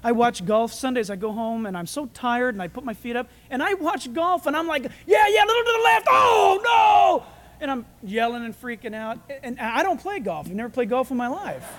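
A man preaching a sermon, animated, acting out voices and shouting for emphasis. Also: very high voice, a little fast, few pauses, background noise. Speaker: pastor. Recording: reverberant hall.

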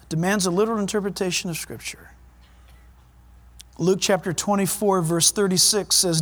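A man's voice: high voice, animated, normal speed, fairly bright tone. Fervent male preacher. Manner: fervent, emphatic, varies pace widely. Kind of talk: sermon.

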